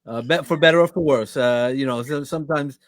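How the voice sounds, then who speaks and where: A man's voice: medium pitch, fairly quick, dry recording, studio quality. A middle-aged man from Brooklyn with a New York accent, talking as an interview guest in a blunt, straight-talking, casual way. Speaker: podcast host as guest.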